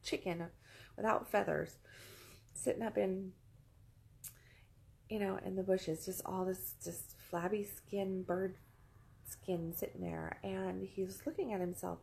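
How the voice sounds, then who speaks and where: A woman's voice: medium pitch, slow pace, creaky, a little mellow, rough recording. A woman vlogger telling a casual, rambling story, repeating phrases for emphasis, settled among pillows indoors.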